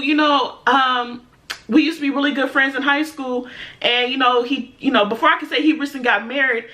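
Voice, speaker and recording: A young adult woman telling a storytime rant as a vlogger, animated and laughing as she acts out what people said. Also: high-pitched, moderate pace.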